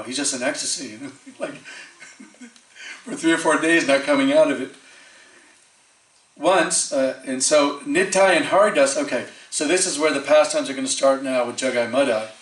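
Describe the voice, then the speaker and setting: Heard from far off in a reverberant temple hall, a male preacher in a mid-range voice tells stories in an animated sermon. He frequently laughs and performs the quoted voices of his characters.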